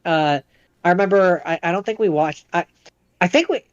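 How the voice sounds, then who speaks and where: Hesitant man with a smooth, dry voice. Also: high-pitched, moderate pace, no echo, dull audio. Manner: hesitant, many fillers and restarts. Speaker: podcast co-host. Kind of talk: casual chat.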